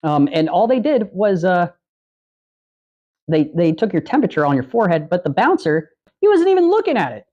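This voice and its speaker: A man's voice: high-pitched, sing-song, brisk, darkish tone, dull audio. A man hosting a livestream, telling rambling, profane anecdotes in a casual chat and acting out the quotes. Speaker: podcast host on a livestream.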